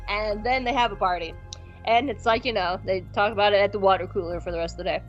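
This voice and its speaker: A woman's voice: mid-range voice, fairly even intonation, highs cut off, soft background music. A woman co-hosting a podcast, recapping an episode in casual chat and briefly acting out the characters. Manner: playful, acts out characters in quick impressions. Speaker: podcast co-host.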